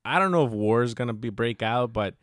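A man in loose, rambling podcast chat, swearing freely and acting out his own reactions as he goes. His voice is smooth and resonant at a middle pitch. The recording is close and dry. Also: animated, brisk, no echo. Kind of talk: casual chat.

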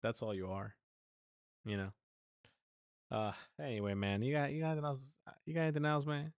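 A man's voice: mid-range voice, a little fast, clear, resonant tone, dry recording, clean studio sound. A man from the United States hosting a podcast, ranting in casual talk, swearing and restarting often. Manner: animated ranting, swears a lot, many restarts. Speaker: podcast host.

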